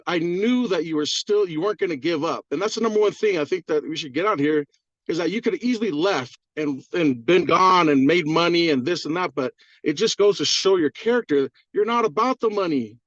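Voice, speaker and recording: Brief: excitable man, higher voice, swears freely, muffled dry video-call audio. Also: brisk, dry recording. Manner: profane, rambling, fired-up. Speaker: caller on a community call. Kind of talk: excited testimonial on a group call.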